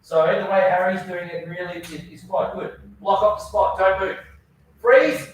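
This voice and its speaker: A man's voice: high voice, fairly even intonation, normal speed, slight background noise. A man teaching a children's karate class, giving instructions and praising his students often. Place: indoor training hall. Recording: very echoey hall, mic far off.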